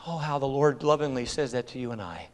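A man's voice: mid-range voice, fast. Impassioned male pastor preaching a sermon. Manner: impassioned, swinging between hushed and loud emphatic delivery.

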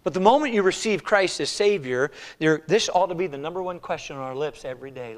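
A man preaching a sermon in a church, swinging between hushed, slow appeals and loud, pleading cries. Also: on the high side, lively intonation. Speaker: pastor.

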